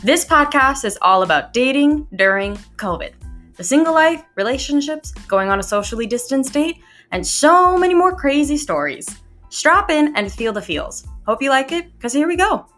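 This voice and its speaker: A woman's voice: high-pitched, big pitch swings, normal speed, fairly bright tone, faint music behind. Chatty young woman podcast host. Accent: slight New York. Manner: chatty and swears casually. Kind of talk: casual podcast chat.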